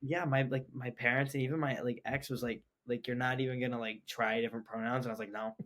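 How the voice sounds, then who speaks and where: Young man telling a story, animated. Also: medium pitch, quick pace. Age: young adult. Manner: animated, quotes himself, heavy use of "like". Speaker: podcast guest. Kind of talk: casual storytelling chat.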